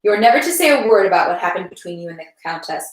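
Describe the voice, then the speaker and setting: A woman's voice: on the low side, expressive, very fast, echoey room, natural voice, rough recording. Woman reading as an enraged young nobleman. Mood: stern, furious. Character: enraged, awkward young nobleman confronting a rake.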